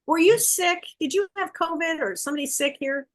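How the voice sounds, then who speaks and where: A woman giving a psychic gallery reading over a video call, coaxing and relaying messages in quick bursts. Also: very high voice. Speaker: psychic medium. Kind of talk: live online gallery reading.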